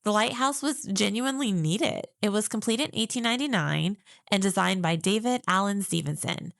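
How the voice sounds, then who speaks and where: Woman, podcast co-host, casual chat, a little gravelly, dry close mic. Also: medium pitch, moderate pace, fairly bright tone, no echo. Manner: chatty, laughs often, tells facts.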